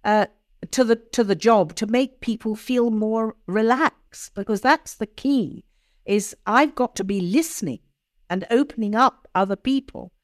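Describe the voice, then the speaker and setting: An older woman with an upper-class English accent and very precise, crisp diction, talking as an interview guest. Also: a little high, unhurried. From England. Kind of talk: conversational interview.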